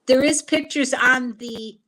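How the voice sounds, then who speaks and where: A woman's voice: high-pitched, slow, sharp tone, low-quality recording. Folksy older woman telling a rambling story. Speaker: regular guest co-host. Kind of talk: casual livestream chat.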